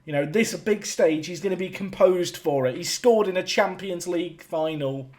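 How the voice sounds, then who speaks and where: A man's voice: high voice, normal speed, hardly any pauses, a little mellow. A man giving casual, self-mocking commentary while playing a football management game, swinging from match calls to mock panic. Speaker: gaming YouTuber. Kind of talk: casual Let's Play commentary.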